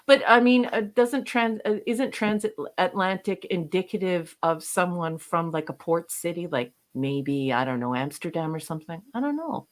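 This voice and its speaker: A woman's voice: on the low side, normal speed, hardly any pauses. A woman from Canada co-hosting a livestream in casual chat, reading viewer comments aloud and laughing often. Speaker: livestream co-host.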